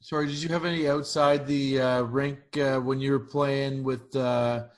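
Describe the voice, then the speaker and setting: A man's voice: mid-range voice, level tone, measured pace. A man co-hosting a podcast, asking loose, rambling questions with some swearing. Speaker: podcast co-host. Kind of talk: casual interview chat.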